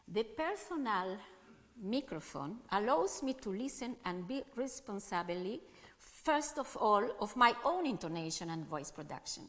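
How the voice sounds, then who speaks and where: A woman's voice: fairly high pitch, a bit bright. Woman lecturing in a reverberant hall. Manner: halting, non-native phrasing, addresses the audience directly. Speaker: music educator giving a symposium talk. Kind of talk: conference presentation. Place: conference hall.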